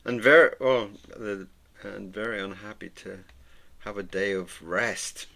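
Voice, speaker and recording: A middle-aged man who hosts an art channel, chatting casually while he draws, rambling and sentimental, with soft murmured asides and frequent chuckles. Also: fairly low pitch, unhurried, gravelly. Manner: chuckles often. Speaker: artist and channel host. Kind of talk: casual chat while drawing.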